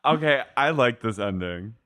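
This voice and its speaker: A man's voice: medium pitch, expressive, moderate pace, fairly bright tone. A man co-hosting a podcast, retelling a plot in casual chat, giggling and acting out the characters' lines. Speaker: podcast co-host.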